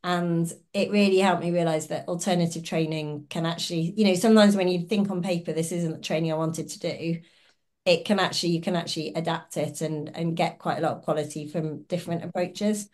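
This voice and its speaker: A woman's voice: fairly low pitch, steady tone, brisk, a little mellow. A woman as a podcast guest, telling stories in a chatty way and acting out the lines she quotes. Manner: chatty storytelling, acts out quoted dialogue with laughs. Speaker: guest, ultrarunner and oncologist. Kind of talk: casual podcast interview.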